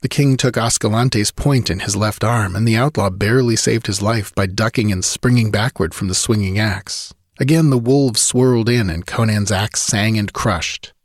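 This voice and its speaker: A man's voice: lowish voice, moderate pace, hardly any pauses, no room sound, clean studio sound. A man narrating a sword-and-sorcery audiobook with vivid, driving storytelling.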